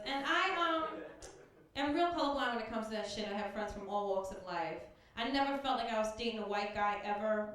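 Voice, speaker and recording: A woman doing a stand-up comedy set, brash and profane, acting out street characters in quick bits. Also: fairly high pitch. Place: comedy club stage. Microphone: handheld stage mic. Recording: far, roomy live club recording. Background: audience laughter.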